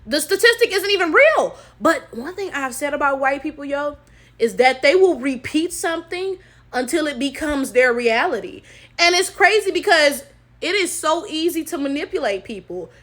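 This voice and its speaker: A woman's voice: sits high, animated, moderate pace, a bit bright. A young woman, giving emphatic casual commentary straight to her viewers. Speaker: commentary video host.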